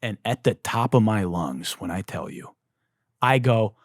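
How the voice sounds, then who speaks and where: A man hosting a podcast, telling a comic story as a profane, exasperated rant that bursts into shouting. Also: fairly low pitch, unhurried, no echo. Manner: profane, exasperated, animated ranting with shouted outbursts. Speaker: podcast host.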